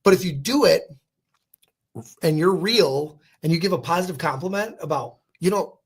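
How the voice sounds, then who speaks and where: A man's voice: on the high side, moderate pace, slightly rough. A man co-hosting a podcast, speaking earnestly in casual chat and playing out quoted exchanges. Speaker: podcast co-host.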